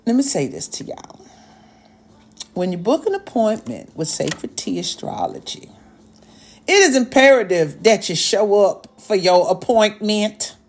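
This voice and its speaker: An unhurried woman with a sing-song, medium-pitched voice hosts a casual live stream as an astrologer. Taking on an elder mama persona, she's sassy and motherly, addressing viewers as "babies" and "y'all" as she scolds and teases them.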